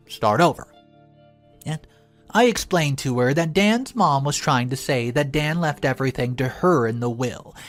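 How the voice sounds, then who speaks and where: A man narrating a first-person story aloud in an expressive, animated way. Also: on the high side.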